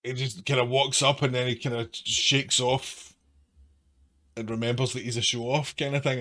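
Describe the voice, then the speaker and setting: Fields: bright-voiced male game master. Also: medium pitch, level tone, normal speed. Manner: hesitant, many repeated fillers. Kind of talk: narrating a tabletop game.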